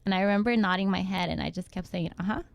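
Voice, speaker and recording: A young woman telling a personal story in casual chat, acting out what others said to her in quick quoted lines. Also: on the low side, steady tone, gravelly, no room sound. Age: young adult. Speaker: guest mother.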